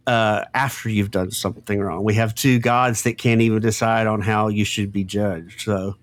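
A man's voice: lowish voice, steady tone, moderate pace. A man co-hosting a casual podcast, musing aloud and often repeating words as he starts a thought. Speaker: podcast co-host. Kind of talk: casual chat.

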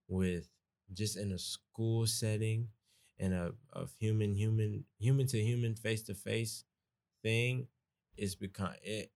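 Young adult man, Georgia accent, lower-pitched, casual rambling podcast guest. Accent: Georgia, US South. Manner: rambling, restarts often, folksy. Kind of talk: casual conversation.

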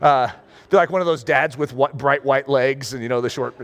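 A middle-aged male pastor preaching a playful sermon, acting out scenes and shouting for effect. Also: mid-range voice, fairly quick. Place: room with rows of chairs.

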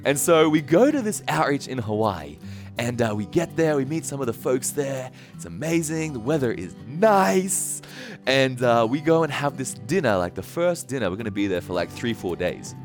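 A man's voice: medium pitch, very animated, moderate pace, faint music behind. A man preaching a sermon, retelling a story with frequent chuckles. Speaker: pastor.

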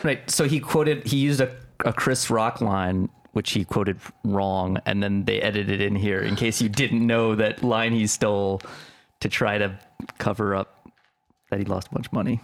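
A man's voice: lowish voice, fairly even intonation, normal speed. A man co-hosting a comedy podcast and giving dry, sarcastic commentary. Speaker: podcast co-host. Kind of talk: comic commentary.

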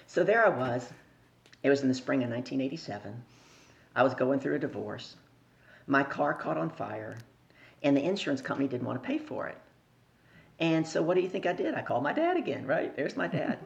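A middle-aged woman telling lively stories as a sales coach on a podcast, asking her listeners questions along the way. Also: very deep voice, a little fast, gravelly, highs cut off. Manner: animated storyteller who acts out voices and asks the listener questions. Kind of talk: storytelling in a podcast interview.

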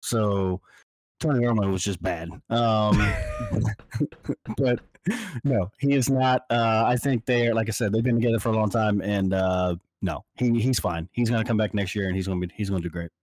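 A man on a sports panel show, talking casually and ranting in an exasperated, animated way. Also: fairly low pitch, moderate pace, no echo.

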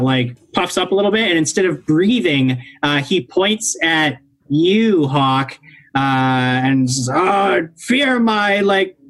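A man's voice: fairly high pitch, a bit bright. A man narrating as game master of a tabletop game, rambling with lots of "like" and "uh". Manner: rambling, filler-heavy, laid-back.

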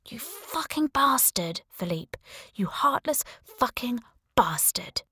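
A woman voicing a desperate pregnant woman, defiant and bitter, with a wavering, breathy delivery in an audiobook. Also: a little high, very animated, slow pace, pushed and bright, dry recording, pitched above the performer's own voice, full character voice. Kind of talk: audiobook character voice.

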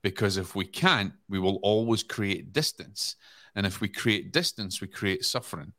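Scottish male guest, very low register, calm reflective storyteller. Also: moderate pace. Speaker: podcast guest. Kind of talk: casual podcast talk.

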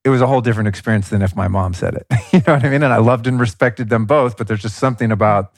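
A man hosting a podcast interview, asking measured, thoughtful questions. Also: medium pitch, no echo. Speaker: podcast host. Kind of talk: interview questions, casual chat.

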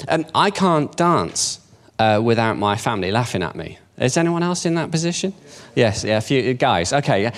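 A man's voice: medium pitch, big pitch swings, moderate pace, fairly bright tone. A man in his fifties giving an informal, conversational talk in a church, self-deprecating and asking the audience questions. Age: 50s. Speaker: church speaker.

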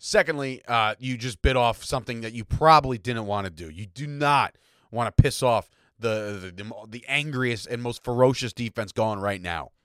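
A man's voice: medium pitch, moderate pace, a bit bright, clear, resonant tone, no room sound, clean studio sound. A man hosting a fan sports podcast, ranting in a fired-up, combative way and often tagging lines with "right?" and "okay?", with a slight cough. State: has a cough. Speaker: podcast host. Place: home attic room.

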